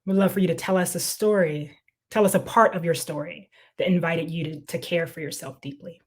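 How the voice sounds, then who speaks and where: A woman serving as panel moderator, with a slightly low voice and a measured, formal delivery. She reads out a poetic introduction and then turns to her guests with questions. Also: fairly even intonation, slightly rough. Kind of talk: reading an introduction and posing questions.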